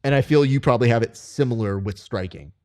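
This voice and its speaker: A man hosting a casual interview, animated and acting out what others said in his stories. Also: medium pitch, fast, dry recording, studio quality. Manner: animated storyteller, acts out quotes. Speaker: interviewer and coach.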